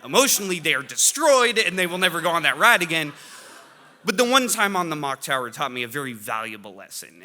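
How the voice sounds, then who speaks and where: A middle-aged man telling a comic family story on stage, animated, with loud bursts of excitement. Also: medium pitch. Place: stage before a live audience.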